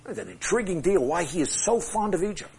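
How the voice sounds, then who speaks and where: A man's voice: high-pitched, very animated, brisk, gravelly, darkish tone, slightly rough. A middle-aged man teaching a Bible class with charts, talking conversationally, asking the class questions and joking at his own expense. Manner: self-deprecating humor.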